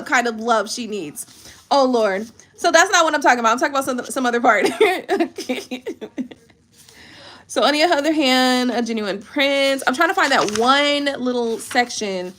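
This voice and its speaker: A woman tarot reader in casual chat, reading aloud from a book with chatty, animated asides and frequent laughter. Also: high voice.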